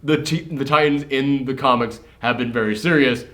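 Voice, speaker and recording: Animated man chatting about a movie. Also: medium pitch, moderate pace. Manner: animated, laughs often, acts out scenes. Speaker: host. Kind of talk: casual movie reaction chat.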